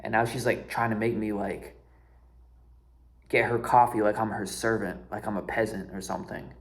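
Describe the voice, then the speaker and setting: A man's voice: lowish voice, little pitch movement, moderate pace. A young man casually telling a story to his viewers, exasperated and slangy, peppering his talk with filler words and swearing freely. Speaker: storyteller vlogger.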